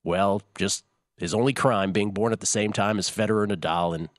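A low-voiced man talks sports betting in a loose, rambling way. The sound is dry and close, with no room around it. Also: no room sound. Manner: chatty, rambling, quick asides and laughs. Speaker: sports betting show host. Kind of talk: casual sports talk.

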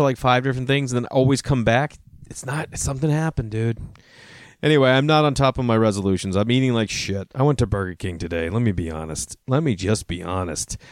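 A man's voice: medium pitch, no room sound, clean studio sound. A man in his thirties telling rambling, profane stories in a casual monologue, acting out both sides of each conversation.

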